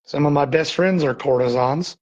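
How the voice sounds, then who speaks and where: Gentle coaxing man on a ghost hunt. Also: a little high, normal speed, dull audio. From Texas. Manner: soft, coaxing, reassuring. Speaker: paranormal investigator. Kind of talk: live-streamed ghost hunt. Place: old saloon building at night.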